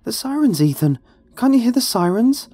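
A man's voice: very high voice, sing-song, moderate pace, mellow, pitched above the performer's own voice, full character voice. A man voicing a panicked, wounded young woman who gasps out her words and repeats herself in terror. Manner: frantic, gasping, repeating herself.

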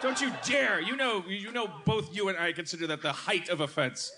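A man's voice: high-pitched, lively intonation, fairly quick, heavy background noise. A man hosting a live comedy show, rambling and stammering with laughs mid-sentence. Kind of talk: live comedy stage banter.

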